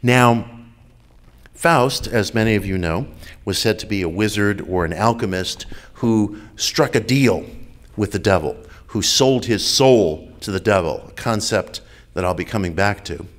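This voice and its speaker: Lower-pitched New man, deliberate lecturer, repeats key phrases, heard over a video call. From United States. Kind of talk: measured public lecture.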